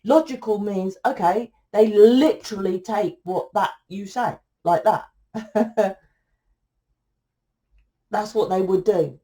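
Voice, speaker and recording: A woman gives a casual tarot reading, blunt and swearing freely. She sounds tired. Her voice sits at an everyday middle pitch. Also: slow pace, mellow. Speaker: tarot reader.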